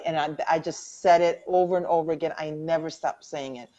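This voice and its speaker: Middle-aged woman, low-pitched, earnest and heartfelt, telling her survivor story over a muffled live stream. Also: steady tone, a little fast, hardly any pauses, mellow. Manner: earnest, heartfelt, repeats phrases for emphasis. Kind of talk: personal testimony in a live online interview.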